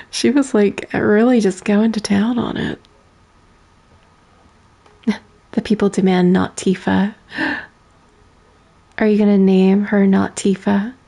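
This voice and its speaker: A soft-spoken woman streamer with a gravelly, husky texture, speaking close to the mic for an ASMR gameplay stream. Her tone is mellow and dark, and she reads game text aloud quietly between small giggles. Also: medium pitch, fairly even intonation, slow, pauses often.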